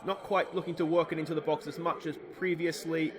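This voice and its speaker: A man casually commentating his football management game, cheering goals loudly and thinking aloud about tactics. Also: fairly high pitch, flat delivery, fairly quick, noisy background. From Australia. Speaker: gaming YouTuber playing a football management game.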